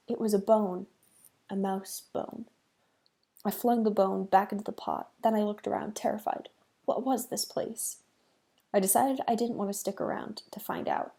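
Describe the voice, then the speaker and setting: A woman reads a children's book aloud, expressive, with dramatic pauses. Her voice is gravelly and husky, at a middle pitch. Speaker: reader.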